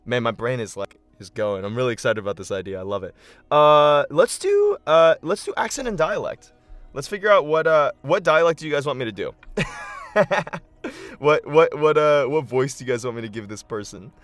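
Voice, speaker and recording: An excitable man hosts a casual live stream as a game master, thinking out loud and filling pauses with "like" and "um". His voice sits at a middling pitch and jumps up when he gets excited. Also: no room sound, faint music behind. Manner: excitable, thinking aloud, many fillers.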